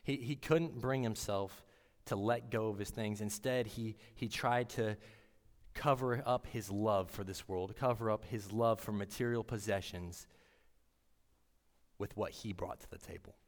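A man giving a sermon in an earnest, halting way, often restarting his words. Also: on the low side, in a large hall. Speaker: preacher.

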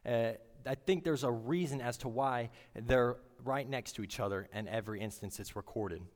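A man giving a sermon in an earnest, halting way, often restarting his words. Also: medium pitch, long reverb tail. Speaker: preacher.

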